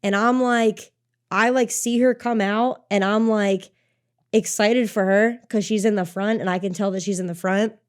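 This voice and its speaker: A young adult woman, a racer and coach, telling an animated race story in casual podcast chat, swearing freely and saying "like" a lot. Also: mid-range voice, normal speed, smooth. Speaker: obstacle course racer and coach.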